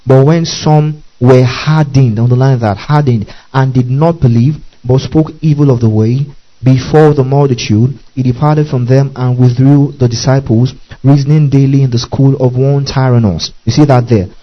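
A man's voice: medium pitch, steady tone, moderate pace, dull audio. A man preaching a Bible-study sermon, repeating key words, spelling out Greek terms and often checking in with his listeners.

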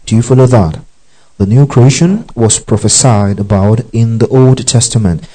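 A man's voice: medium pitch, normal speed, dark tone, low-quality recording. A man preaching a Bible teaching sermon, repeating key phrases and often checking that listeners follow him. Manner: tells listeners to underline verses.

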